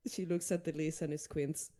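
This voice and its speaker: A woman's voice: deep voice, flat delivery, normal speed, mellow. A woman playing a tabletop game, giggly, narrating her character's actions. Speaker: player. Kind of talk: tabletop role-play chat.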